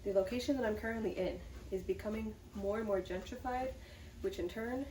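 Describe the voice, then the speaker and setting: A woman vlogger speaks candidly to the camera in a casual vlog, chatty and upbeat while describing a hard time. Her mid-range voice is mellow and fairly quick. She's recorded from some distance in an echoey room, with faint ambience and a little hiss or hum.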